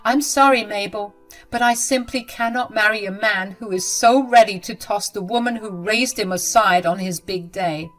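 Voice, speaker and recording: A woman's voice: mid-range voice, moderate pace, fairly bright tone, faint music behind, lightly acted. A woman voicing a protective young bride who speaks emphatically and with outrage. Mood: indignant.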